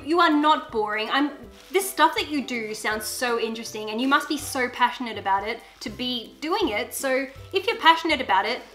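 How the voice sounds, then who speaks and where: A young adult woman chatting excitedly in a casual unboxing vlog at home, gushing over each item. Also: fairly high pitch. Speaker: YouTuber.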